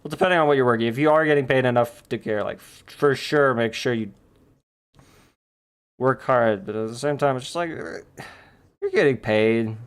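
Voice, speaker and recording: A man's voice: medium pitch, moderate pace, smooth. A man chatting casually and rambling with jokes while drawing on a stream, thinking aloud.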